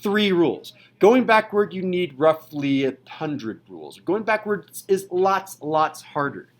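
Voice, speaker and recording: Young guy teaching math to a class, jokey, kinda high voice. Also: big pitch swings, unhurried, poor audio. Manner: playful, jokey, upbeat. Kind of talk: classroom lecture.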